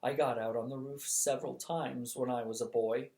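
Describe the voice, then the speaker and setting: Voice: medium pitch, fairly even intonation, moderate pace, darkish tone, close to an everyday voice. A reader doing a genial absent-minded old king. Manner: genial, reminiscing.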